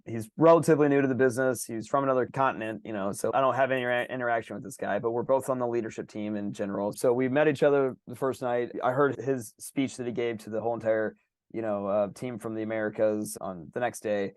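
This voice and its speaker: A man co-hosting a podcast, telling stories in a casual, energetic and animated way. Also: mid-range voice, quick pace, dry recording, clean studio sound. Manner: energetic, animated storytelling with laughs. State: slightly sick. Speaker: podcast co-host.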